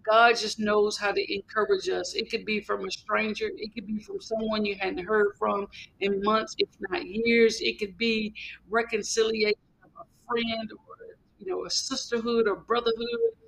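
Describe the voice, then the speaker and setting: A man's voice: high-pitched, level tone, moderate pace, gravelly, a bit bright, rough recording. A man hosting a devotional podcast, exhorting listeners in an earnest preacherly way with lots of repetition. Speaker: podcast host.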